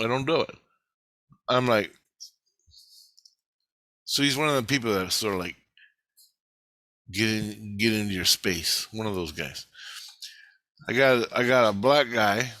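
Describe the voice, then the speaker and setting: A man's voice: mid-range voice, sharp tone, no echo. A man telling a long, rambling story in casual, blunt talk full of swearing. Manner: blunt, profane, loose. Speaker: vlogger recounting a dream.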